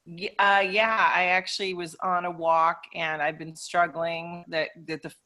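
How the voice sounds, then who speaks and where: A woman participant telling a personal story in a lively way, acting out the people in it. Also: fairly low pitch, a little slow. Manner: lively storytelling, acts out voices. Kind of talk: personal story in a group chat.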